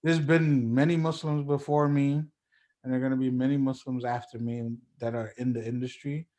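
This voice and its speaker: A young man of middle pitch talks easygoing and unhurried as a podcast guest. He keeps filling his sentences with "like" and "you know", circling back to his points in a friendly, rambling way. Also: level tone, warm tone. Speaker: guest musician. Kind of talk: casual podcast chat.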